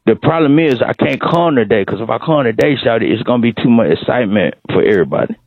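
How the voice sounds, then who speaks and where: A man's voice: medium pitch, animated, fast talker, husky, phone-quality sound. A man calling in to a radio morning show as a regular, rambling, repeating himself and stalling in heavy slang. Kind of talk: comedic phone call-in bit.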